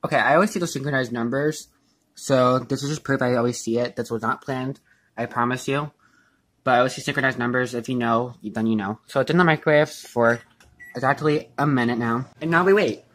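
A man's voice: mid-range voice, brisk, fairly bright tone. A young man chatting casually in his home kitchen while baking for his vlog, rambling and self-mocking, with lots of fillers and swearing. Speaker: vlogger.

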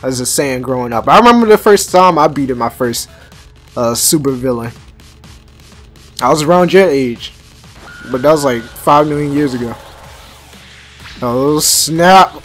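A young man giving excited, slangy let's-play commentary and talking back to the game. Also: mid-range voice, measured pace, long pauses, soft background music. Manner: hyped, slangy, talks back to the game, many restarts. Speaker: gaming YouTuber.

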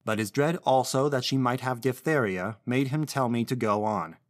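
A man's voice: medium pitch, moderate pace, dry recording. Man reading a short story, dry close sound. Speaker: narrator. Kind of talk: scripted literary narration.

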